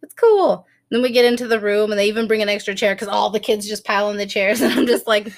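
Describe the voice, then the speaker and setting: Speaking quickly in a medium-pitched, level, creaky voice, a woman in her thirties co-hosts a podcast. She relates a story in relaxed chat packed with laughter and performed quotes.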